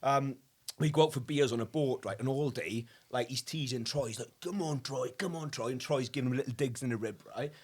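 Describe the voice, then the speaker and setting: A man's voice: mid-range voice, brisk, slightly rough. A man telling rowdy anecdotes in casual pub chat, swearing freely and laughing through his punchlines.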